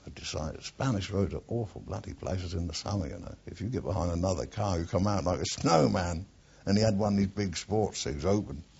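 Older man, war veteran, blunt and rambling, husky, dull lo-fi tape recording. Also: deep voice, fairly quick, darkish tone. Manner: blunt storyteller with frequent swearing, drifts off topic. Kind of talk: oral history reminiscence.

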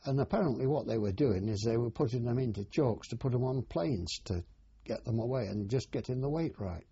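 An older man, a war veteran, telling his memories in a plain, unhurried oral history interview. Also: medium pitch, expressive, dark tone, husky, dry recording. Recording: dull, dry archive interview recording.

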